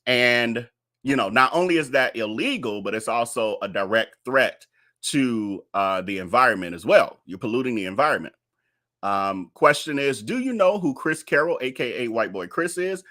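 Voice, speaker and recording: A man talks through a casual live stream to his viewers, chatty and full of fillers. His voice sounds bright and forward. He speaks into a desk mic. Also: medium pitch, expressive, moderate pace. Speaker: host.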